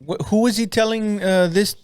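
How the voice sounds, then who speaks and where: Smooth higher-voiced man reacting. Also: fairly even intonation, darkish tone, dry recording. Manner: quick reactive interjections and questions. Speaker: podcast co-host. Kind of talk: casual chat.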